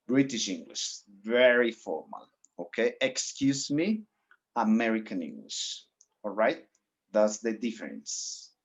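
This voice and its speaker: Encouraging teacher on a video call. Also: male voice, mid-range voice. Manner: encouraging, mixes in Spanish explanations. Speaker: English teacher. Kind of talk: online class instruction.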